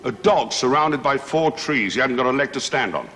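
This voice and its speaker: A man as guest comedian on a TV variety show, telling jokes in a measured, patient way with assured asides. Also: medium pitch, lively intonation, heavy background noise. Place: TV studio with live audience. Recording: roomy studio with long reverb.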